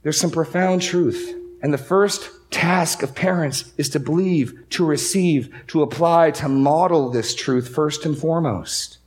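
A man's voice: a little high, a little slow, few pauses. A man preaching a sermon to a congregation in a church, speaking emphatically and repeating key phrases for stress. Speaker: pastor.

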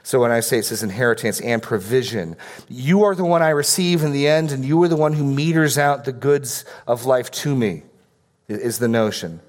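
A man's voice: medium pitch, normal speed. A middle-aged male pastor preaching a sermon in a conversational way, often repeating words as he starts a phrase.

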